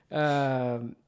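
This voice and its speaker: A man's voice: mid-range voice, clean tone. A man hosting a podcast in casual chat, upbeat and laughing often, with frequent fillers. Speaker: podcast host.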